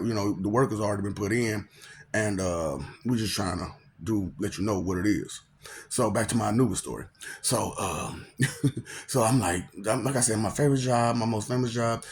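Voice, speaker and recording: Man, rambling monologue, laughs a lot, profane, loud then muttering. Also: lowish voice, a little hiss or hum. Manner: makes mouth sound effects. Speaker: monologue host.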